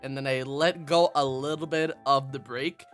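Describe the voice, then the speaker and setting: A streamer casually telling a funny story to chat, animated and laughing often at their own expense. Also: medium pitch, normal speed, soft background music.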